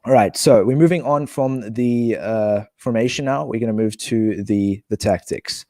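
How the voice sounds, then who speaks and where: A man from South Africa chatting casually on a live stream, thinking out loud and reading viewers' comments aloud. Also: mid-range voice, normal speed, no echo, clean studio sound.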